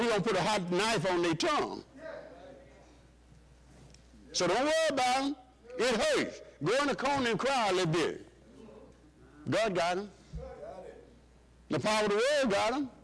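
High-voiced preacher calling out. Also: male voice, poor audio. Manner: call-and-response preaching, rising and dropping pitch. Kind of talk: sermon.

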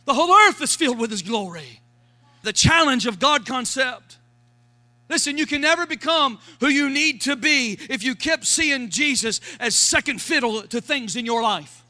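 A man preaching a sermon as pastor, shouting lines and calling for responses from the congregation. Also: very high-pitched, expressive, moderate pace.

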